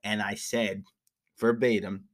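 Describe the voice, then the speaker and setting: A young man with a somewhat low voice tells stories in loose, profane podcast chat. He gets animated as he goes, acting out other people with sudden loud shouts. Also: slow. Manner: animated storyteller, swears a lot, shouts in impressions. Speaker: podcast co-host. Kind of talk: casual chat.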